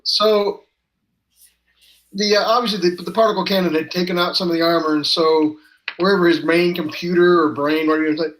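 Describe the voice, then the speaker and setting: A man's voice: high voice, steady tone, fairly bright tone, rough recording. A man playing a tabletop game over a voice call, describing what his character does with frequent restarts. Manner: hesitant restarts, then rushes descriptions. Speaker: player.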